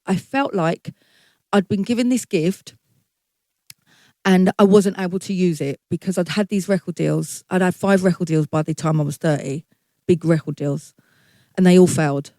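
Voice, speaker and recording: A middle-aged guest singer recounts her career candidly and chattily, swearing freely and acting out what she used to think. Her voice is lowish and warm at a normal pace, with no echo.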